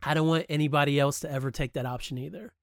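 A man's voice: fairly high pitch, fairly even intonation, quick pace, dry recording, studio quality. A man hosting a podcast, talking candidly and emphatically in a personal monologue, swearing freely. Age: adult, grew up past high school. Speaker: podcast host.

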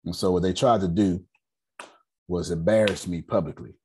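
A man leading a business meeting, telling animated motivational stories in casual slang with repeated words and dramatic pauses before listeners. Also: low-pitched, a little hiss or hum.

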